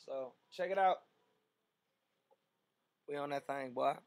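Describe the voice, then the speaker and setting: A man's voice: mid-range voice, slow pace, no room sound. A young man casually chatting with viewers on a livestream, thanking fans and talking to people around him. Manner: laid-back, talks to viewers and people in the room. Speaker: livestream host.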